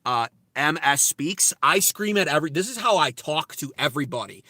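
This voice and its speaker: Give me a man hosting a political livestream with an American accent, reading and mocking chat in a loud, cutting rant. His voice is bright and forceful, and the recording is dry and close, like a small car interior. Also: on the high side, animated, normal speed, no echo. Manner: brash, profane, ranting. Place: inside a car.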